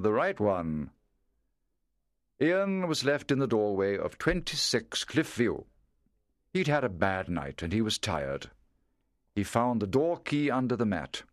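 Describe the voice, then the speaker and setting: Male narrator, measured and clear, lively pitch, dry close recording. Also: no room sound. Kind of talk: scripted story narration.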